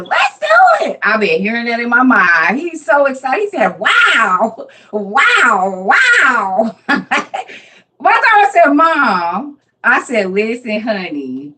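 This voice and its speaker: A woman's voice: mid-range voice, poor audio. A middle-aged woman, hosting a casual livestream from home, telling stories with lots of laughter before a Bible message. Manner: animated storyteller, laughs often. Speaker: livestream host and Bible teacher.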